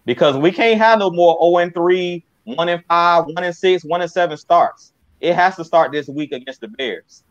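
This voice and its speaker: A man's voice: a little high, normal speed, dry recording. A man co-hosting a sports talk show, giving an emphatic, fired-up pep talk. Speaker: podcast co-host. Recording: dry, slightly muffled mic.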